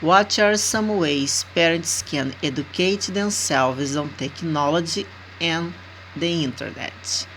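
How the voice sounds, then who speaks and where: Brazilian english teacher lady, lowish voice, keeps saying okay, takes it slow. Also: a bit bright, slight background noise, poor audio. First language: Portuguese. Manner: slow, deliberate, checks in with frequent 'okay?'. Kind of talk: recorded language lesson.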